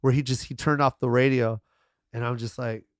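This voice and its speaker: A man's voice: mid-range voice, steady tone, a little fast, no echo, clean studio sound. A middle-aged man on a podcast as guest comedian, telling stories animatedly, acting out quotes and swearing freely. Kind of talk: casual podcast chat.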